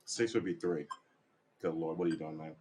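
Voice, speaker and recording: A man's voice: very deep voice, brisk, warm tone, slight background noise. A man chatting casually on a live stream while he practices guitar at home, rambling and mocking himself. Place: room at home.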